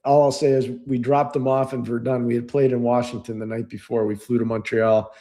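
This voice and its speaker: A middle-aged man telling stories on a podcast, his voice gravelly and dark. He acts out the people he quotes and laughs as he goes. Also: mid-range voice, flat delivery, fairly quick. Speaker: podcast co-host. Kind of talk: storytelling in casual chat.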